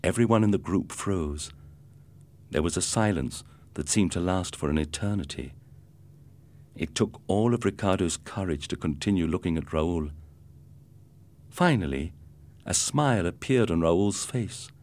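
Narrator: middle-aged man, very low voice, lively intonation, steady storytelling. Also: moderate pace.

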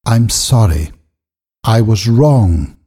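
Man doing a rich gentleman making his case, slow, mellow, kinda husky. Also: on the low side, expressive, exaggerated voice. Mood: earnest. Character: wealthy gentleman, pleading then agitated.

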